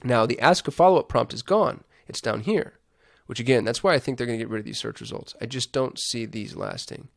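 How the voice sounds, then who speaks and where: A man's voice: mid-range voice, a little fast, vocal fry, hardly any pauses. A man hosting a casual screen-share walkthrough on digital marketing, thinking aloud with chatty asides.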